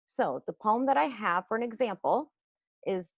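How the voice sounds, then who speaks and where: Patient woman teacher, gravelly voice. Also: mid-range voice, lively intonation, no room sound. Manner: slow, patient, explaining step by step. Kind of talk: classroom lesson for children.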